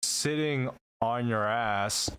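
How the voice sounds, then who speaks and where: A man's voice: medium pitch, takes it slowly, a bit bright, a little hiss or hum. A man co-hosting a live stream, telling a story in an exasperated, casual way. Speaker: co-host. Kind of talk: casual chat.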